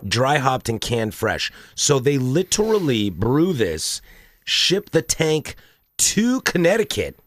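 A man's voice: medium pitch, sing-song, slow pace, a bit bright, no echo, clean studio sound. A man co-hosting a casual beer podcast, joking around, laughing often and slipping into playful silly voices. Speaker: podcast co-host.

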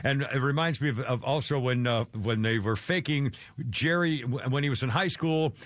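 A man's voice: normal speed, dry recording. A man hosting a radio show, chatting in a meandering way and acting out quoted people with sudden jumps in his voice. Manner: meandering, acts out quotes with big pitch jumps. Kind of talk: rambling casual chat.

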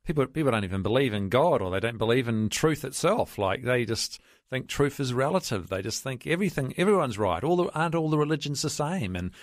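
A man's voice: mid-range voice, animated, a little fast, no echo, clean studio sound. A man from New Zealand with a New Zealand accent, a guest on a radio interview, talking in a chatty, enthusiastic way with many fillers and restarts. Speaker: guest, evangelism trainer. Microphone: studio microphone.

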